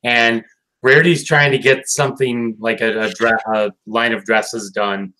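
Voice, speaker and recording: A man's voice: medium pitch, fairly even intonation, a little slow, sharp tone, low-quality recording. A man with a mid-range voice talks loosely through an episode recap. He sounds sleepy and keeps losing his thread. He curses freely along the way. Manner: rambling, swears often, many fillers and restarts. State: tired, yawning late at night. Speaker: podcast co-host reviewing a cartoon episode. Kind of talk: casual chat.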